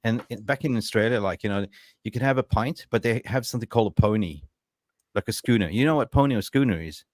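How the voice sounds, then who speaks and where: A man hosting a casual football fan podcast, an animated storyteller who laughs often. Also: lowish voice, fast, dry recording. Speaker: podcast host.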